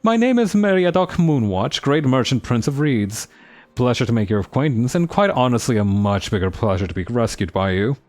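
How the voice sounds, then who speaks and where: A man's voice: mid-range voice, very animated, moderate pace, a little mellow, lightly acted. A man voicing a flamboyant, pompous male merchant prince in a fancy, theatrical voice. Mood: grandiose. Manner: grandiose, showy.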